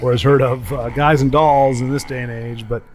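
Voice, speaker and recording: A man's voice: mid-range voice, steady tone, normal speed, slight background noise. Rambling folksy man talking over gameplay. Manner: rambling, self-correcting, folksy asides; puts on goofy voices when quoting people. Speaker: gaming channel host. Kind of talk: casual chat over gameplay.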